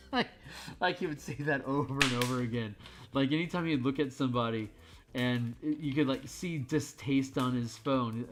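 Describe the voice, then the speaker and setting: A man casually chatting on a stream while he draws, rambling and candid, swearing freely. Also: mid-range voice. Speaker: streamer drawing art.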